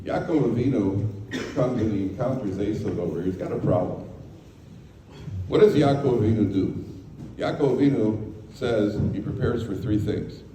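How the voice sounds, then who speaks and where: An American man, a rabbi, talks to a live audience in a deep, warm, very mellow voice, mixing teaching with jokey anecdotes and little acted-out exchanges. The recording comes from a distance in a big reverberant hall with faint noise underneath. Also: moderate pace. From United States. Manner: chatty, jokey asides, acts out dialogue. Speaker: rabbi giving a talk. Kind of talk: Torah talk with humorous storytelling. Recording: echoey hall, mic from far off.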